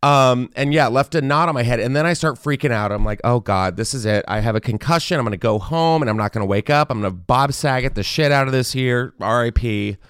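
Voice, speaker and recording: A man co-hosting a podcast, telling a funny story in a casual chat and popping into high voices when he quotes people. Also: fairly quick, hardly any pauses, fairly bright tone, clean tone, dry recording, clean studio sound. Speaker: podcast co-host.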